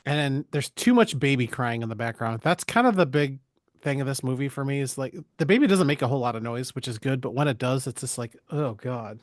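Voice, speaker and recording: Man, podcast co-host, casual profane recap, mid-pitched voice, dry close sound. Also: expressive, no echo. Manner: profane, jokey storytelling with quick voiced asides. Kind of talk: casual movie recap chat.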